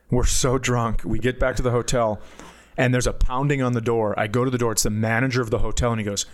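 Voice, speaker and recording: A man, a podcast co-host and comedian, telling a story in casual chat and jumping high when he quotes people. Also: fairly quick. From United States. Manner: animated storyteller, jumps to high voices for quotes.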